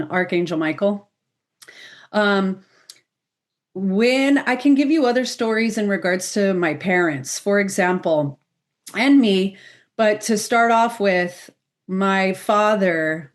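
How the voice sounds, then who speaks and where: A woman, a medium, telling personal stories to a podcast panel with lively exclamations. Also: mid-range voice. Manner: animated storyteller, exclamations.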